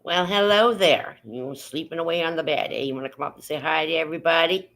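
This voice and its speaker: A woman's voice: low-pitched, fairly even intonation, fast talker, a bit bright, rough recording. Older woman, livestream host, casual home chat, rambling, reads out comments, swears now and then.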